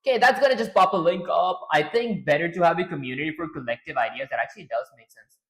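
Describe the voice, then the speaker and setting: A young man talking casually on a live stream, rambling aloud and clearing his strained throat often. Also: on the high side, animated, quick pace, a bit bright, poor audio. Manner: rambling, self-commenting, frequent throat-clearing.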